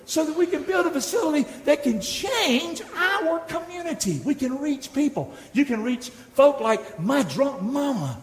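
A middle-aged man preaching a sermon as pastor, exhorting the congregation and calling for responses. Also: very high voice. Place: church sanctuary. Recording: echoey hall, long reverb.

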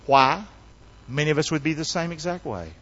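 A high-voiced man preaches in an animated way, calling for the congregation to repeat phrases with him. His delivery swings from loud and urgent to low and confiding, and the lo-fi recording is slightly dull. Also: brisk. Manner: animated call-and-response preaching. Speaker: pastor. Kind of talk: sermon.

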